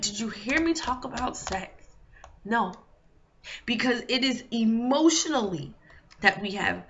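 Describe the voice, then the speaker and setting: A woman's voice: medium pitch, sharp tone, a little hiss or hum. A woman, an intimacy coach, giving a motivational monologue with an impassioned, repetitive, preacher-like cadence. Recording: dull lo-fi recording.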